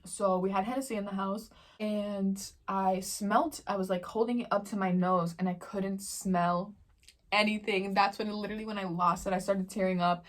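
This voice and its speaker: A young woman talking casually to her camera while she eats. She tells stories in a relaxed, slangy way, full of fillers, at a mid pitch. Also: moderate pace. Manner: chatty slangy storytelling while eating. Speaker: vlogger. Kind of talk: casual mukbang Q&A chat.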